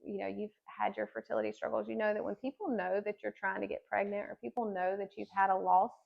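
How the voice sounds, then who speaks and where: A woman's voice: mid-range voice, little pitch movement, quick pace, gravelly, dull audio. A woman in her thirties giving an earnest personal faith testimony as a podcast guest, telling her story with many casual fillers.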